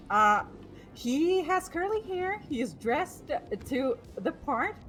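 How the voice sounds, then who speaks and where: Giggly woman, lively pitch. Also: slow, heavy background noise. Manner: giggly, full of fillers and restarts. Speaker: streamer playing a police recruiter. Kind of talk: in-character roleplay chat.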